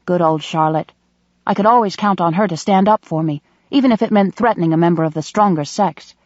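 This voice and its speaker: A woman reads a first-person audiobook in an even, measured way. Her voice sits on the low side. The recording is dull and dry, close to the mic. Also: no room sound. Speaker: audiobook narrator. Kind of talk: scripted first-person narration.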